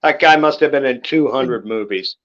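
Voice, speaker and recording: Through a dull, lo-fi mic, this middle-aged host of a late-night chat stream laughs his way through rambling stories and swears freely. His medium-pitched voice is a bit bright, at a moderate pace.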